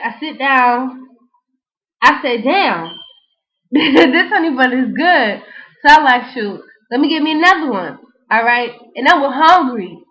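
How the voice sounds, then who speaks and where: A young woman, telling a casual, slangy, animated story in a vlog. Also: high voice. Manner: animated, slangy, frequent "you know what I'm saying". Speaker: vlogger. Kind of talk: casual storytelling and freestyle rap. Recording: dull lo-fi home recording.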